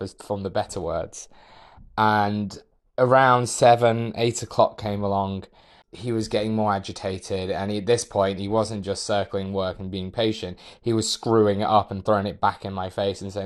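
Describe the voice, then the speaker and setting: A young man, a podcast guest, telling a personal story in a measured, reflective way with hesitant restarts. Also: lowish voice. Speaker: podcast guest, architectural designer.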